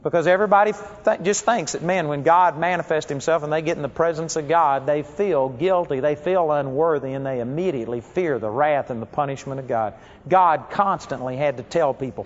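A man preaching a sermon, telling stories earnestly and slowing down to stress key phrases. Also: on the high side. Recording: dull audio with long hall reverb.

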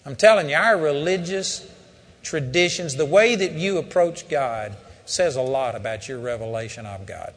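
An older man preaches a sermon in a slightly high, a bit bright voice with lively intonation and a normal pace. He tells a personal story, then builds to emphatic calls to his listeners.

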